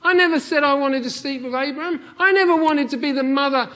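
A wronged young woman, put on by a male preacher pours out her complaint in a high, indignant, pleading voice. She insists on her innocence and asks why she has been hurt. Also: fairly quick, pushed and bright.

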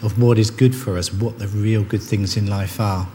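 A man's voice: lowish voice, fairly even intonation, moderate pace, warm tone, a little hiss or hum. A man preaching a sermon in an earnest, conversational way, often restarting his sentences. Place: church. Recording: long reverb of a church hall, faint ambience.

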